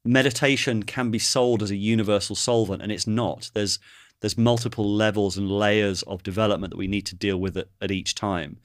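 Host: man, lowish voice, dry sound, thoughtful, searches for words. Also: steady tone, a little fast, dry recording. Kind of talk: casual conversational interview.

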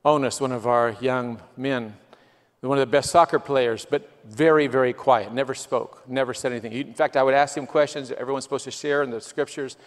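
A man's voice: mid-range voice, fairly even intonation, fairly quick. A man giving a missionary's testimony sermon, telling stories in an earnest way that swells with emotion. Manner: earnest storytelling, quoting people, swells with emotion. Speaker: guest missionary. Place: church sanctuary. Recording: long church reverb.

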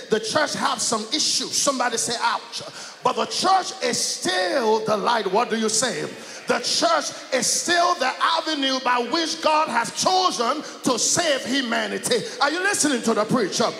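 Male pastor, high gravelly voice, shouting call-and-response sermon, long church reverb. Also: lively intonation, measured pace, faint music behind. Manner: call-and-response preaching, often shouting and chanting. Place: large church sanctuary. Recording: echoey church hall.

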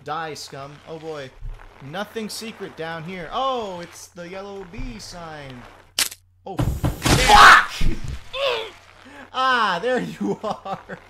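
A young man giving excitable, laugh-filled commentary while playing a video game, swearing freely. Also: high voice, takes it slowly. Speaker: gameplay commentator. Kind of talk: let's play commentary. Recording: noisy home recording.

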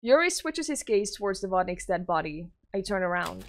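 A young woman gaming streamer reading a story game aloud, breaking into excitable, squealing reactions. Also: medium pitch, fairly quick, few pauses.

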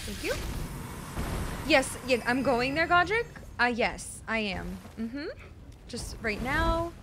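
A young woman streaming a video game, chatting with her viewers, swearing and yelling at the game, then apologizing and teasing herself. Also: on the high side, sing-song, slow, background noise. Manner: self-mocking, teasing chat. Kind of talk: casual live gameplay commentary to chat.

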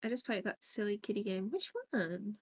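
A woman's voice: mid-range voice, moderate pace, husky. A woman streaming live in a casual chat, thinking aloud while she sets up and greets viewers by name, recorded at her home setup.

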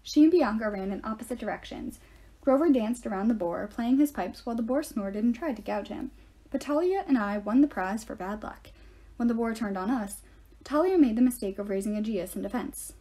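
Woman narrator with a slightly high voice, reading aloud at an even storytelling pace. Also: brisk. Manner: steady first-person storytelling. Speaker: audiobook reader.

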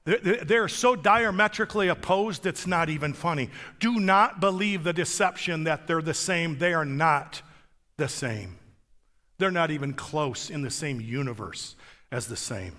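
A man's voice: on the high side, measured pace, sharp tone, in a large hall. A man preaching as a guest pastor, telling a story in an emphatic, conversational way on a church stage. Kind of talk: sermon.

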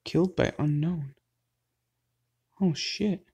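A gaming host in the middle of a let's play, voice sitting at an ordinary middle pitch. The talk is casual and addressed to viewers, breaking into startled, loud, profane outbursts. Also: slow pace, breathy edge. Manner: excitable, loud outbursts, frequent swearing; talks straight to viewers.

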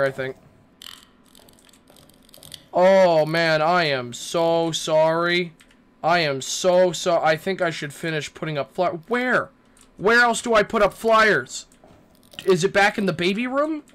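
A man's voice: sits high, a bit bright, smooth. A young man playing a horror game and commenting, nervous and rambling, swearing and talking back to the characters. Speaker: gaming YouTuber.

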